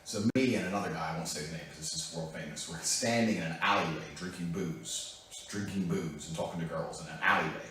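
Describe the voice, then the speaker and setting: A man telling a profane, animated story. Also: deep voice, quick pace, slight background noise. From England. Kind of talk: casual anecdote. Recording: very echoey room, mic far off.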